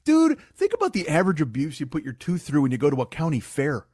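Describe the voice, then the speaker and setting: A man with a high voice hosts a comedy podcast, riffing in a long, profane, rambling monologue. The recording is dry and close, with no room sound. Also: wildly swooping pitch, fast talker, a little mellow, slightly rough, no echo. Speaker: podcast host.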